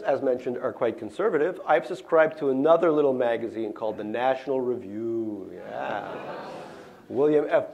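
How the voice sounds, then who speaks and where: A middle-aged man from Russia, an author, reading his memoir aloud in a lecture hall, with a wry, deadpan delivery and little spoken asides. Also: fairly high pitch.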